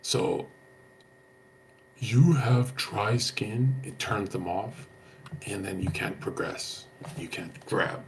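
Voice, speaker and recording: A young man chats bluntly with his stream audience in a low, gravelly voice. He is loose and slangy, swearing and tossing in "bro" often. A faint hiss sits under the recording. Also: takes it slowly. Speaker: livestreamer answering chat. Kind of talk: casual stream chat.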